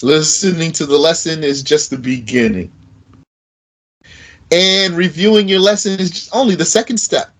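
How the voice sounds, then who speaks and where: A man teaching an Arabic grammar lesson in a casual way, slowly repeating verb forms aloud with fillers like "you know". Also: on the high side, rough recording. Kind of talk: recorded lesson.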